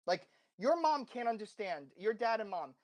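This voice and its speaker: In a laid-back podcast interview, a guest with a slight accent pours out passionate, meandering advice, frequently restarting and self-correcting. His voice is high and darkish in tone, very animated, at a moderate pace.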